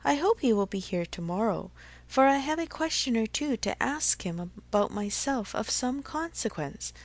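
A woman's voice: on the high side, expressive, normal speed, dry recording. A woman reading the part of a fussy, anxious elderly father who frets fondly over his family's health. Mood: fretful fond. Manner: fretful, fond, repeats endearments. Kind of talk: audiobook character reading.

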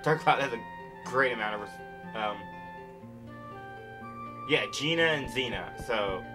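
A man's voice: medium pitch, lively intonation, unhurried, rough recording. Grumbling, foul-mouthed man playing a game. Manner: grumbling, impatient, swears a lot. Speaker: gaming channel host. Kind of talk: casual gaming commentary. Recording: game music playing under the voice. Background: video game music.

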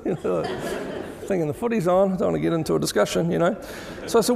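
Middle-aged New Zealand man, keynote speaker, chatty and jokey, fairly high voice, long hall reverb. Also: fast, gravelly. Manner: chatty, jokey, animated storytelling. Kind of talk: conference talk. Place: large event hall.

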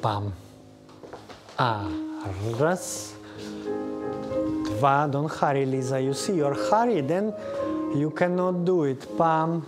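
Taking things slowly with long pauses, this ballet teacher uses an expressive, mid-range voice to count beats and give students corrections by name. A native Russian speaker, the teacher has a Russian accent, and the studio class has piano music playing behind it.

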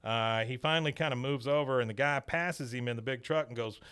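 A man hosting a podcast, casually retelling a cartoon episode scene by scene and dropping into quick voices for the characters. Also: medium pitch, a bit bright, smooth. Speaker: podcast host recapping episodes. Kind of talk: casual recap chat.

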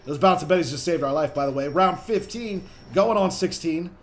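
A young man casually commenting on his own gameplay as a channel host, chatty and excitable, swearing when things get tense. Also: fairly high pitch, normal speed, slight background noise.

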